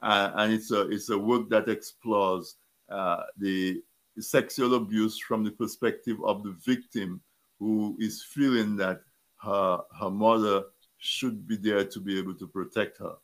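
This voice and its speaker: Low-voiced halting male interviewer. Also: flat delivery. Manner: halting, repeats words and restarts often. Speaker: interview host. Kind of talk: interview talk.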